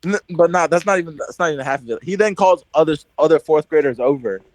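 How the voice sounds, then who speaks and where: Young male podcast host, casual, animated storyteller, dry close sound. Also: fairly high pitch, quick pace, no room sound, rough recording. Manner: animated storyteller, heavy "like" filler, acts out quotes.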